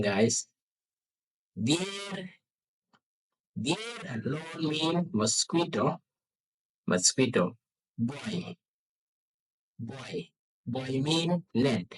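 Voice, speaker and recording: A man teaching vocabulary slowly, repeating each word and spelling it out syllable by syllable. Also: medium pitch, a bit bright, slightly rough, poor audio. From South Sudan. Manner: drawn-out, syllable-by-syllable repetition. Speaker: language teacher. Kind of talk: slow vocabulary lesson, repeating words.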